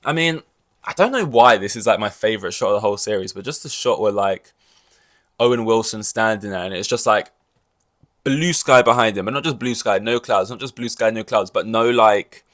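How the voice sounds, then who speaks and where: Rambling man with a lowish voice. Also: fairly quick, fairly bright tone. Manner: rambling, loose, peppered with "like" and swearing. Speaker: podcast host. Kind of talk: casual solo podcast chat.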